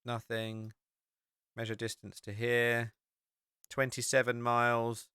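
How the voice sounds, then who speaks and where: An English man rambles through a casual podcast chat, piling up fillers as he talks. His voice is bright and forceful with a smooth, crisp finish. The sound is dry and close, with no room around it. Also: medium pitch, completely flat delivery, slow pace, dry recording. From England. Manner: rambling and chatty, with frequent fillers. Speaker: podcast host. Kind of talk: casual chat while sharing a map on screen.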